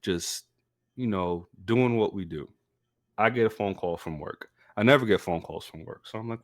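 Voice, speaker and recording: A young man co-hosting a podcast, telling a story in a casual, animated way. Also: moderate pace. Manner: animated storyteller, acts out quotes in a high voice. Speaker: podcast co-host.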